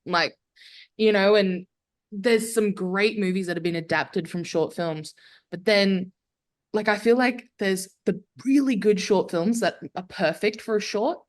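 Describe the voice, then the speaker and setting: A woman's voice: medium pitch, measured pace. A young adult woman, a guest filmmaker chatting casually and candidly on a podcast, full of "like" fillers. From Australia.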